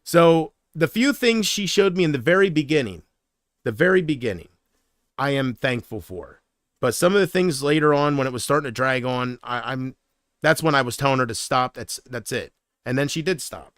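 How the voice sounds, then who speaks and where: A man's voice: medium pitch, expressive, normal speed, a bit bright, dry recording, clean studio sound. A man on a livestream, ranting in an agitated, profane way and talking back to comments from his chat. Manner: reads viewer comments aloud. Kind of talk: live-stream rant to chat.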